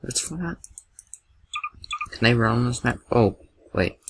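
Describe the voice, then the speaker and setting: A young man doing excitable, jokey gameplay commentary with a gravelly voice, yelping at scares. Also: medium pitch, normal speed, background noise.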